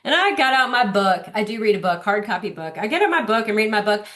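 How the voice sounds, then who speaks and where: A woman giving a lunch-and-learn parenting talk, telling stories in an animated way and acting out little voices. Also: mid-range voice, quick pace. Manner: animated storytelling with acted-out voices. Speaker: parenting educator and speaker.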